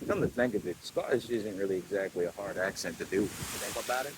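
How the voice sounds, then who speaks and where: A man's voice: lowish voice, brisk, hardly any pauses, low-quality recording. A young man vlogging casually on a rocky coastline, rambling and slangy as he films the waves on his phone. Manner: rambling and laid-back, slangy with "bro" and "man". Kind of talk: casual chat to camera. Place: outdoors crouched on a rocky coastline by crashing waves. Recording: wind noise and loud surf.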